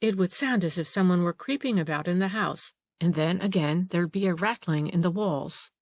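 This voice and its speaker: A woman's voice: on the low side, normal speed, a little mellow, no room sound, studio quality. A woman reading an audiobook, voicing an old female housekeeper who grumbles, frets and takes offence easily. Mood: fretful.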